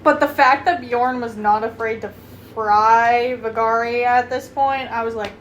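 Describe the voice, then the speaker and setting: High-ish young woman chatting casually. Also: steady tone, echoey room, dull audio, slight background noise. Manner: quick agreeing, swears freely when retelling. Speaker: book club co-host. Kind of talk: casual chat.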